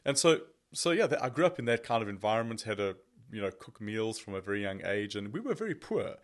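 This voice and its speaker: A man who is a podcast guest, telling his personal testimony as an animated, self-deprecating storyteller. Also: fairly low pitch, quick pace.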